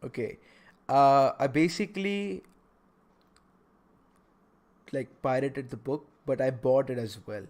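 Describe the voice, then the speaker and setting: A young man hosting a casual podcast, talking in an animated way with many stammered restarts. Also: medium pitch, slow pace, long pauses. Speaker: podcast host.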